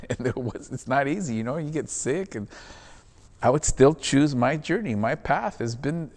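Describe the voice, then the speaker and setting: A man's voice: mid-range voice, animated, measured pace, darkish tone, long reverb tail. A man who performs in theater, talking in a casual, earnest and reflective way during an interview, often calling the listener "man".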